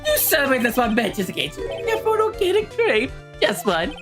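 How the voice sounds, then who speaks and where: A woman's voice: high-pitched, huge pitch swings, fairly quick, over music, voice pushed up. A woman voicing a boisterous male circus clown who cracks jokes. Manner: boisterous, punning, showy. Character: loud goofy male circus clown, joking.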